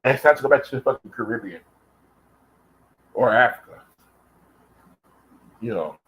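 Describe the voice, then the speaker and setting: An American vlogger delivers an angry, profane rant, taunting his target and calling them out directly in a confrontational way. His mid-range voice is expressive and a bit bright at a moderate pace, and the audio quality is poor.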